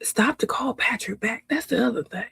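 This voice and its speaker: Lady hosting a live trial stream, gravelly and emphatic, keeps repeating herself, super dry sound. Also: fairly high pitch, normal speed, pushed and bright, no echo. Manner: emphatic, repetitive, talks back to the screen. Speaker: trial commentary host. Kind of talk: casual live commentary.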